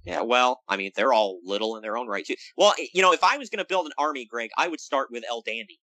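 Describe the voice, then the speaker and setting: A man's voice: quick pace, no echo, low-quality recording. A man co-hosting a casual podcast, recapping wrestling with jokes and big swings in emphasis. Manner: animated, jokey, swings pitch for emphasis. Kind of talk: casual chat.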